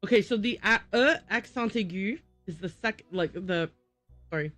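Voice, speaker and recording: A woman's voice: mid-range voice, moderate pace, fairly bright tone, no echo, soft background music. A woman streaming a game, thinking aloud and muttering to herself as she works through word puzzles. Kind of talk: casual gameplay livestream.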